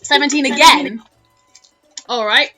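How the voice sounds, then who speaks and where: A woman's voice: sits high, unhurried, bright, forceful tone, faint music behind. A British woman narrating a tabletop game as dungeon master, chatty and full of fillers. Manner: chatty, laughing, lots of fillers.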